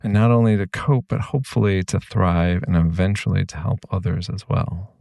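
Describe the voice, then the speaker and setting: A man with a deep, gravelly voice hosts a reflective podcast, talking earnestly and reassuringly straight to his listener. The recording is close and completely dry, with no room sound. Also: steady tone, moderate pace, dark tone, dry recording. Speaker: podcast host.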